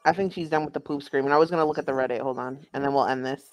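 A woman's voice: very deep voice, steady tone, very fast, dry recording. A woman giving casual, sarcastic and amused reaction commentary on a stream.

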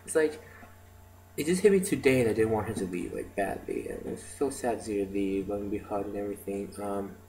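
A man's voice: fairly low pitch, a little fast, a little mellow, slight background noise, poor audio. A man telling stories in a casual video diary, rambling with lots of "like" and "um". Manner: rambling, filler-heavy storytelling with many "like" and "um". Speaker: video diarist.

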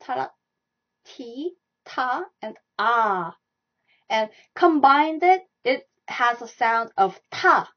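A woman's voice: fairly high pitch, lively intonation, takes it slowly. Young woman teaching on a lo-fi stream. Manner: repetitive, demonstrating sounds and strokes aloud. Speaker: Korean language teacher. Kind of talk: live online language lesson. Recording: dull lo-fi live stream audio.

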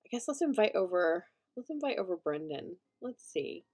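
A young woman giving chatty gameplay commentary as a let's play host, reacting loudly and laughing often. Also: fairly low pitch, very animated, normal speed.

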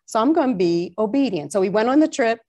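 New york lady telling a faith story, animated, drawl slips in, casual chat. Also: a little high, quick pace. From Long Island, New York.

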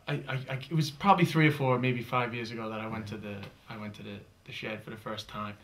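A man with an American accent, a comedian recalling a story in an interview with rambling pauses. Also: on the low side, steady tone, a bit bright. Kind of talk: interview anecdote.

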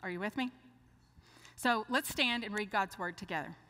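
An older woman preaching a sermon, telling a lively story and acting out the dialogue. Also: mid-range voice, normal speed. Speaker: speaker. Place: church. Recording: long church hall reverb.

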